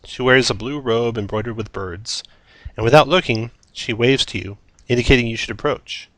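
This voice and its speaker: A man's voice: medium pitch, normal speed, fairly bright tone, no echo. A man running a tabletop game as dungeon master, narrating scenes descriptively with occasional fillers.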